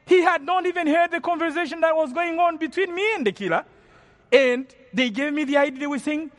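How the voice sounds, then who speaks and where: A man's voice: very high voice, normal speed, fairly bright tone. A man from Rwanda giving an earnest testimony as a preacher, often repeating and restarting his phrases. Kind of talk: storytelling sermon testimony. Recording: long hall reverb.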